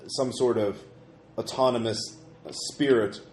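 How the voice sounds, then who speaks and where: A man narrating a tabletop game as game master, feeling his way through descriptions with frequent pauses and fillers. His voice sits at an ordinary pitch. The room is echoey with a faint hiss behind. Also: steady tone. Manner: hesitant, full of fillers.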